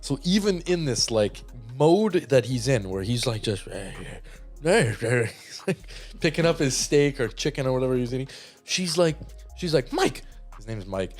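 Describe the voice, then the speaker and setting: A man's voice: mid-range voice, very animated, a little slow, faint music behind. A man in his twenties, a podcast co-host, telling a rambling family story in casual chat, laughing often and acting out the people he quotes.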